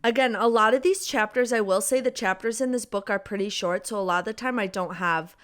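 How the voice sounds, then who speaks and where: A woman's voice: medium pitch, a little fast, fairly bright tone, clear, resonant tone. A young woman co-hosting a podcast and chatting casually about a novel, full of "like" and "literally". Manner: chatty, says "like" and "literally" often. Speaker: podcast co-host. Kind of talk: casual book chat.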